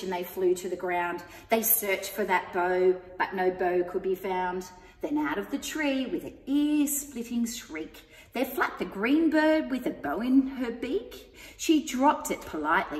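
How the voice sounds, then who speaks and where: Woman, children's story reader, expressive rhyming read-aloud, lively pitch, roomy echo. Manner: expressive, sing-song rhyme reading. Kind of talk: reading a picture book aloud to children. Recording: echoey room with long reverb.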